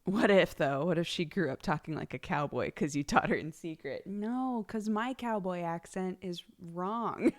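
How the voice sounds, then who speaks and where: A woman live streamer chatting casually, laughing often and reading out thank-yous to her subscribers. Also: fairly low pitch.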